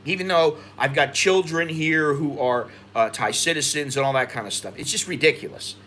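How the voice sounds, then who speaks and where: An American man talks loosely to his livestream audience and vents his frustration. His voice is bright and forceful and sits a little high for a man, and it climbs further when he gets agitated. Faint background noise sits under the voice. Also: moderate pace. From United States. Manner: frustrated venting, rising in pitch when agitated. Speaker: expat livestream host. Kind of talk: casual livestream commentary.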